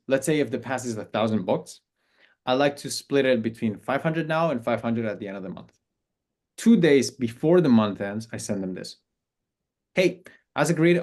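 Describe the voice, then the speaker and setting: A man's voice: medium pitch, darkish tone. Casual-talking male business coach. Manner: conversational, acts out sample client messages. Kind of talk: casual instructional talk.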